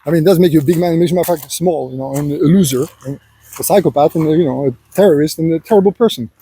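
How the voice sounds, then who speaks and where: A man with a fairly high voice delivers a loose, rambling monologue, circling back with constant filler phrases. His tone is mellow and a little husky, and he slips into a preachy, lecturing manner, addressing the listener as "son". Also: fast talker. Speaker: vlogger. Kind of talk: unscripted personal monologue.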